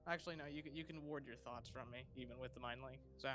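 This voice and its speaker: A man playing in a tabletop game session, explaining rules with halting pauses. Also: mid-range voice, steady tone, fairly bright tone, faint music behind. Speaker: player.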